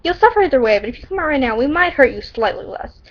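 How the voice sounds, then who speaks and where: Girl doing a smug bully boy voice, kinda high and loud, muffled lo-fi sound. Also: very animated, fast talker, exaggerated voice. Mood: taunting. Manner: taunting, smug. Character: sneering teenage boy bully. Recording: dull lo-fi recording.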